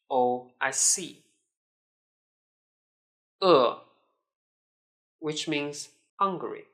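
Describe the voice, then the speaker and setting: Very slow woman teacher. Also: low-pitched. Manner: careful, deliberate enunciation with repeated model syllables. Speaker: Mandarin teacher. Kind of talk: pronunciation lesson.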